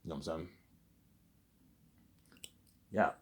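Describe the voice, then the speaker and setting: A man's voice: extremely low pitch, fairly even intonation, slow. A man rambling in a casual vlog monologue, boastful and repetitive, swearing freely. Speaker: vlogger.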